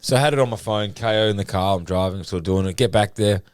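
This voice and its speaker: A man's voice: lowish voice, fast talker, smooth, no echo. An Australian man co-hosting a podcast, rambling through a story with plenty of swearing and laughter in casual chat. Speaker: podcast co-host.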